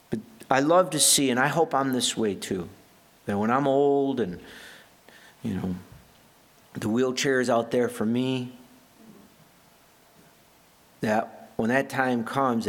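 A pastor giving a conversational sermon in an earnest way, often restarting his phrases. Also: mid-range voice.

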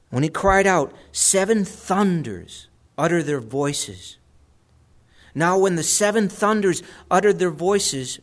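A man teaching through scripture verse by verse in a measured, reflective manner, repeating phrases for emphasis. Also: fairly high pitch. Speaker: Bible teacher.

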